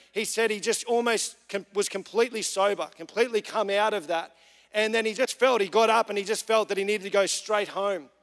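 A young adults pastor with a high, slightly bright voice delivers a church sermon in a large church hall. He tells stories earnestly, using frequent fillers, and the hall's long reverb hangs on his words.

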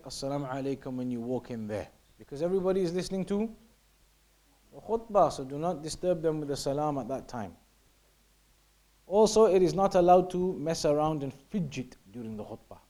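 A dark-toned, medium-pitched man teaches Islamic law, reading passages aloud and explaining them in English. He repeats his points a lot and sometimes sinks to a near-whisper to show how something is said.

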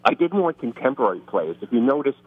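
A man's voice: medium pitch, sing-song, fast talker, husky. A middle-aged man from the Bronx with a New York accent, an author chatting casually and self-deprecatingly about his books in an interview, often restarting his sentences. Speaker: author guest. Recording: phone-line audio.

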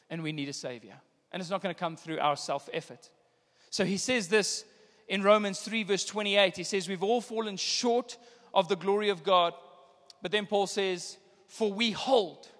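A high-pitched male pastor delivers a sermon in an emphatic, repetitive style that keeps building in intensity. His voice rings out with a long reverb, as if he were in a large hall. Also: a bit bright.

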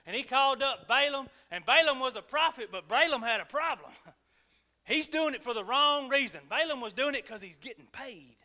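A man's voice: very high voice, animated, normal speed, pushed and bright. A male pastor preaching a folksy, humorous sermon in a church service, earnest and colloquial, often chuckling.

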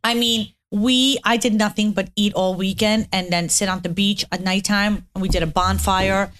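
A middle-aged woman co-hosting a podcast, telling stories in an animated, gushing way with lots of restarts. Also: medium pitch, moderate pace. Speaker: podcast co-host. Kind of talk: casual chat.

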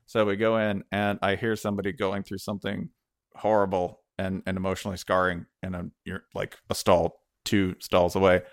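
A man's voice: low-pitched, moderate pace, no echo, studio quality. A man co-hosting a comedy podcast, telling a story and acting out the voices in it. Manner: animated storytelling, acts out voices. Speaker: podcast co-host. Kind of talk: comedic casual chat.

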